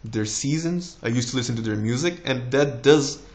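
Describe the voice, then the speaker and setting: A young man in his twenties with a slight American tinge, a doctor giving relaxed, encouraging exam tips in a casual vlog. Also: normal speed. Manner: relaxed, encouraging, with lively rises in pitch.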